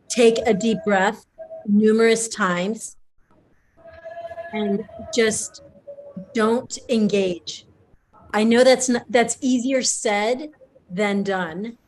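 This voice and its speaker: A woman coaching on customer service, calm and measured, repeating her key points. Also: mid-range voice, slight background noise, rough recording. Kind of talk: coaching advice.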